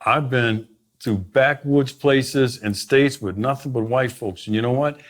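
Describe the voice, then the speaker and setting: A man's voice: medium pitch, unhurried. A middle-aged man, a sheriff, telling stories in an emphatic way during a conversation, with many restarts. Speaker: sheriff, guest. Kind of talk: storytelling in a conversation.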